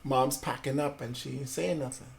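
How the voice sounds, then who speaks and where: A man's voice: mid-range voice, normal speed, gravelly. A man, telling his life story as a guest in a casual interview, swearing freely and acting out other people's voices. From Brooklyn, New York. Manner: animated storyteller, acts out voices of family and police; swears freely, street slang.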